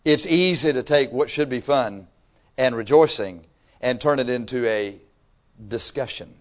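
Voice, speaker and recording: A man's voice: mid-range voice, unhurried. A man, preaching a sermon in a folksy, conversational way with emphatic rising bursts. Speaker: pastor.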